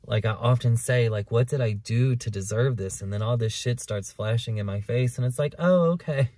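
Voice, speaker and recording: A man in the middle range of pitch talks to his camera in a park, baring his feelings with plenty of cursing. He moves from loud outbursts to quiet, hushed admissions. The sound is dry, with no room echo. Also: steady tone, fairly quick. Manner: candid, profane and emotional, swinging between loud and hushed. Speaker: podcast host. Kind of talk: confessional solo podcast monologue. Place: outdoors in a park. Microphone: camera recording him.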